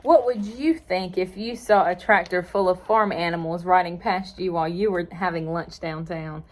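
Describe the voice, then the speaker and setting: A woman librarian reading a picture book aloud at storytime, expressive, with playful asides to the children listening. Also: fairly low pitch, normal speed.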